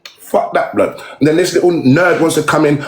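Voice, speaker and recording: A man's voice: on the high side, normal speed, a little hiss or hum. A man ranting angrily on a phone livestream, swearing hard and taunting someone over and over. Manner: aggressive, swearing, repetitive taunts. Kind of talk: angry livestream rant. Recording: roomy echo.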